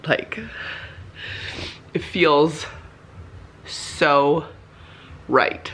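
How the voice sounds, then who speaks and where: Slow, low-voiced young woman vlogger. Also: fairly bright tone, a little hiss or hum. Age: young adult. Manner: emotional, chatty, frequent "like" fillers. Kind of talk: casual vlog chat. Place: home office. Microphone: handheld camera.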